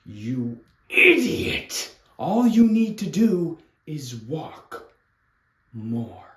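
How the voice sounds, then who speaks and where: A man's voice: on the high side, very animated, a bit bright, exaggerated voice. A man acting a condescending mystical figure in a comedy sketch, scolding and drawn out. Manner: scolding, drawn-out and sing-song. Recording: roomy echo, faint music.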